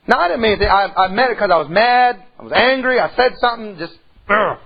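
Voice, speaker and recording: Husky folksy preacher man. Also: sits high, animated, fast, highs cut off. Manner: folksy storytelling preacher, swings from loud to hushed. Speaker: pastor. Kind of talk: sermon. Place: church.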